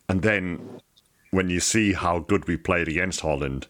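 Very deep-voiced man in easy chat. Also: moderate pace. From England. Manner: warm and eager, laughs often, many fillers. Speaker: interviewer, former goalkeeper. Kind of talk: casual chat.

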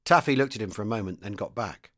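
A man reading a novel aloud in a steady, measured narrating voice. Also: on the low side. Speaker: reader. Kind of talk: audiobook-style novel reading.

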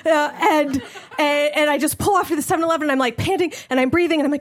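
A woman telling a comedic personal story in an animated way, acting out the voices of the people in it. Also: high voice, a little fast. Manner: animated, acts out quoted voices.

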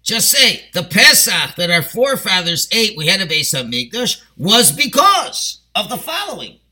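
A man's voice: high-pitched, very animated, moderate pace, bright, forceful tone, husky. A man with a Yeshivish English accent and Ashkenazi Hebrew, teaching a class on the Haggadah. He explains step by step and poses questions, then answers them himself. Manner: explanatory, asks and answers his own questions. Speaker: Torah teacher.

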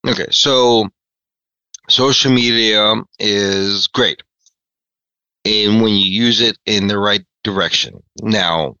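A man chatting as a podcast guest, excitable, jumpy and self-mocking. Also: medium pitch, no room sound. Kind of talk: casual chat. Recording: dull lo-fi audio.

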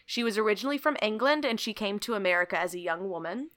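A woman's voice: medium pitch, expressive, fast talker, fairly bright tone. A woman in her thirties co-hosting a chat show, telling a story with playful jokes and asides. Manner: playful, laughing, jokey asides. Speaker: podcast co-host.

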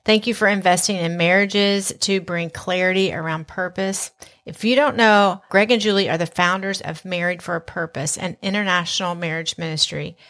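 A woman's voice: lowish voice, fairly even intonation, moderate pace, a bit bright. Southern American woman co-hosting a podcast. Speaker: podcast co-host. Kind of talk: scripted podcast talk.

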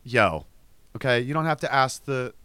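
Animated, swearing man in casual chat. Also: mid-range voice, moderate pace, clean tone, no echo. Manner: animated, swears freely, mimics people mid-story. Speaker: podcast co-host.

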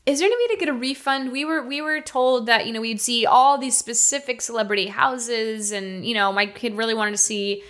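A woman performing an improvised comedy scene, loud and indignant as a pushy tourist mother. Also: on the high side, fairly quick, hardly any pauses.

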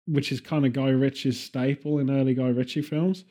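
A man's voice: medium pitch, flat delivery, moderate pace, mellow. A man from Birmingham with a Birmingham accent, chatting casually and rambling, laughing often. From Birmingham, England. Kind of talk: casual chat.

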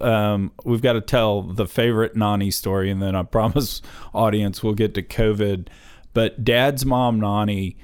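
A middle-aged man with a somewhat low voice, chatting casually as a host. He tells family stories in a loose, rambling way and laughs easily. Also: clean tone. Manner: chatty storyteller, laughs while telling stories. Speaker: podcast host interviewing his father.

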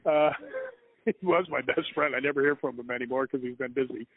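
A man's voice: mid-range voice, steady tone, brisk, slight background noise. A man telling long, rambling stories as a guest author in an interview, breaking into laughs. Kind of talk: storytelling in an interview. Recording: phone-like, dry line.

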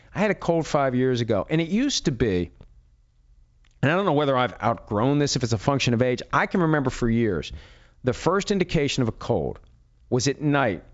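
A man's voice: medium pitch, dull audio. A man hosting a sports talk show in a casual, rambling monologue while fighting a head cold and a runny nose. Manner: chatty, rambling, self-deprecating asides. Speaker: sports radio host.

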